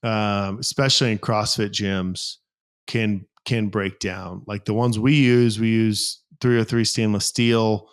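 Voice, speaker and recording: A man's voice: fairly low pitch, a little slow, clean tone. A man co-hosting a casual podcast, telling rambling stories and explaining gym equipment with lots of fillers. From United States. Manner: rambling, animated storytelling with acted quotes. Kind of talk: casual chat.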